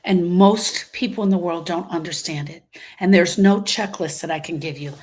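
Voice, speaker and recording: A woman's voice: fairly low pitch, normal speed, a little mellow, breathy edge. A woman grief coach giving an emphatic, motivational live talk, repeating her phrases and acting out what people say. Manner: emphatic, repeats phrases, acts out quoted voices.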